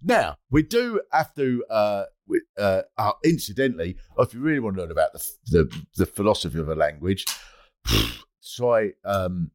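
A man's voice: fairly low pitch, sing-song, normal speed, dry recording. Guy hosting a comedy podcast, voice jumps all over, dry close mic. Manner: loud sudden voices and jokey asides. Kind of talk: comic banter.

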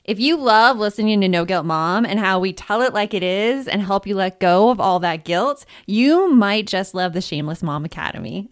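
A woman hosting a casual podcast, animated and feisty, with lots of "like" in her speech. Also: mid-range voice, no room sound, clean studio sound. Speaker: podcast host.

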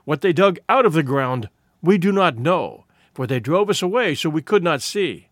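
A shrewd village man holds forth to a council by the fire, arguing his case with a lively, swinging voice, as a man reads him out. The reading is dry and close to the mic. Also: on the high side, normal speed, dry recording. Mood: persuasive. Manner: orating, persuasive. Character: shrewd persuasive village man with a crooked neck.

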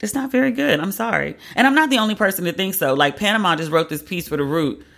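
A woman's voice: on the low side, animated, quick pace, fairly bright tone. A woman hosting a podcast in a casual, wry, chatty way, often breaking into laughter. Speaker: podcast host. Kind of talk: casual pop-culture commentary.

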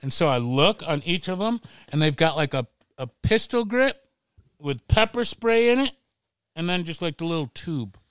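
A middle-aged man, a podcast guest, telling a wild story in a casual, animated way, swearing freely and laughing as he goes. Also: a little high, moderate pace, clear, resonant tone, no room sound.

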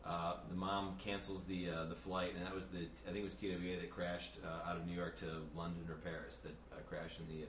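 A comedian guest, a man, telling a halting anecdote with lots of fillers in a casual chat. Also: low-pitched, little pitch movement, fairly bright tone. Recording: distant echoey room with faint noise.

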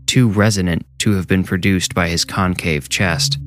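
A man narrating a horror story in a measured, steady storytelling voice. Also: deep voice, soft background music. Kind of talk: scripted narration.

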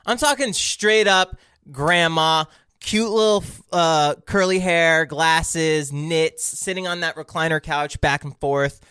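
A young man co-hosting a casual podcast, who teases his co-host and fires off quick questions. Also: on the high side, sharp tone, clean tone, dry recording, studio quality. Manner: teasing, quick follow-up questions. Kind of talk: casual crude banter.

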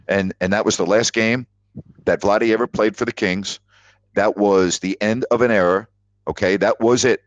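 A man's voice: on the low side, steady tone, normal speed, no room sound. A man hosting a call-in sports talk show, telling stories with emphatic repetition. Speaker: sports radio host. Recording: dull lo-fi audio.

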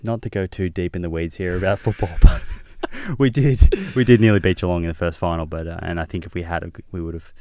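Deep-voiced easygoing Australian man. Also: mellow, no echo, clean studio sound. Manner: easygoing, laughs often, halting starts. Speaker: podcast co-host. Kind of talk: casual chat.

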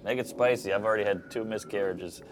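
A man guesting on a casual chat, tossing out quick wisecracks. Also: lowish voice, background noise. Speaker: comedian guest.

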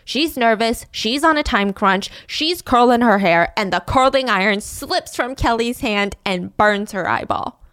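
A woman telling a funny story in a casual, animated, giggly way. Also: fairly high pitch, measured pace, few pauses, clean tone, dry recording, clean studio sound. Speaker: podcast storyteller.

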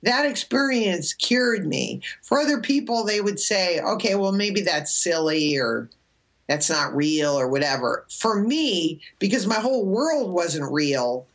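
A middle-aged woman, an interview guest, telling stories in an animated, chatty way and slipping into quick impressions. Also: on the low side. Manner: animated anecdotal storytelling with impressions. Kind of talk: storytelling chat.

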